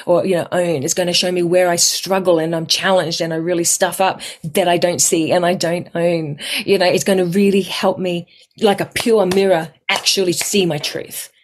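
A woman, a guest telling personal stories in a chatty, animated way. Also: fairly low pitch, normal speed. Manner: chatty, animated, acts out quoted voices, swears casually. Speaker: guest numerologist. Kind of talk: casual interview storytelling.

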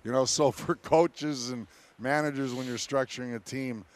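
Animated male hockey panelist. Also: medium pitch, moderate pace. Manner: animated storyteller, laughs often. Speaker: former hockey player and panelist. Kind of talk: casual sports talk.

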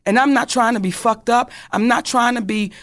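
A woman's voice: fairly high pitch, steady tone, brisk. A middle-aged woman co-hosting a talk show, speaking candidly and emphatically, addressing people directly like a sermon. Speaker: comedian and co-host.

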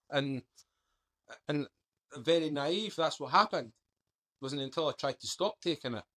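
A man's voice: medium pitch, a bit bright. A man, a guest on a podcast, candidly recounting his past in an earnest storytelling manner. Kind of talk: interview.

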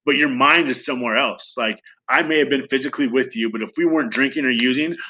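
Man, 30s, rapid-fire candid storyteller, bright, crisp voice, swears freely. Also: medium pitch, lo-fi sound. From Southern California. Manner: fast, profane, animated retelling with acted quotes. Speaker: guest sharing recovery story.

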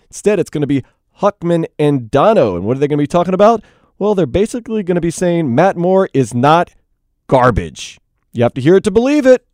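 A young man hosting sports radio, playful and energetic, jumping up in pitch to hype the coming shows. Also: no room sound, clean studio sound. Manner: energetic, playful, jumps high in pitch for emphasis. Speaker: radio host. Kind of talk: upbeat sports radio promo. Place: radio studio.

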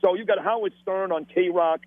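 A man's voice: high voice, fairly even intonation, moderate pace, dry recording. A middle-aged man with a Brooklyn accent, a radio host telling blunt, profane stories in casual conversation. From Brooklyn, New York. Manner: blunt, profane, emphatic storytelling. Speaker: radio host, podcast guest. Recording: dry tinny phone-line audio.

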